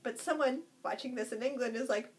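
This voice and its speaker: A woman's voice: fairly high pitch, brisk. A woman with a Long Island accent, co-hosting a podcast, chatty and giggly in casual conversation. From Long Island, New York. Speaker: podcast co-host. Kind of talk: casual chat.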